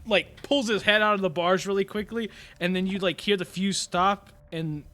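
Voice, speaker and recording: A man's voice: high-pitched, steady tone, moderate pace, bright, forceful tone, soft background music. A man narrating as game master of a tabletop game, hesitant and full of fillers. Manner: hesitant, filler-heavy narration, laughs often.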